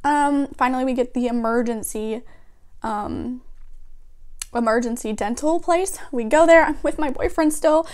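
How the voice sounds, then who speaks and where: A young woman around nineteen with a high, bright-sounding voice recounts a story straight to camera. Her telling is chatty and animated, and loose fillers run through it. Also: a little slow. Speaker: vlogger. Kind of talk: casual storytime.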